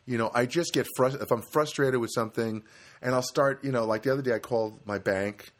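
A man's voice: mid-range voice, brisk. A man from New Jersey, a comedian hosting his own show, telling rambling stories in a casual monologue with many restarts. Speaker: comedian podcast host.

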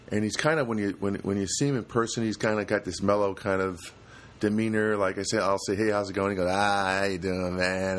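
A man hosting his own podcast in a casual comedic monologue, rambling and self-deprecating with frequent restarts. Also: lowish voice. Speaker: podcast host.

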